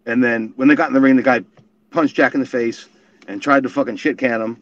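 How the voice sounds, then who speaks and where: A man's voice: medium pitch, fairly even intonation, fairly quick, dry recording. A man telling rambling, profane wrestling stories as a guest in a casual chat. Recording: dull lo-fi stream audio.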